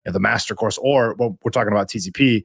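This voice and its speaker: A man with a husky, slightly low voice hosts a casual interview. He is chatty and swears casually. The sound is dry and close. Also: rapid-fire, no echo. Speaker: interview host.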